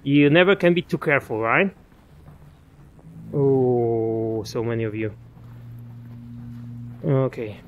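A man's voice: medium pitch, takes it slowly, long pauses, dull audio. A young man giving casual let's-play commentary, chatting to enemies and muttering asides to himself. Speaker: gaming commentator.

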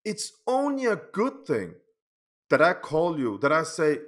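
A man speaking English as a second language in a personal vlog, unhurried and a little high-voiced. He rambles, repeats himself and keeps asking "okay?", flaring up loudly and then dropping to low murmurs. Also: wildly swooping pitch. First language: not English. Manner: heated, swings between loud outbursts and quiet asides. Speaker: channel host. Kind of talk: emotional personal vlog monologue.

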